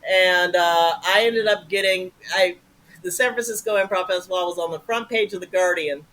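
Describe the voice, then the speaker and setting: Bright, forceful woman telling a story. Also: lowish voice, normal speed. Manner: animated, profane, acts out voices in her anecdotes. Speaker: interview guest. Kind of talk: casual storytelling.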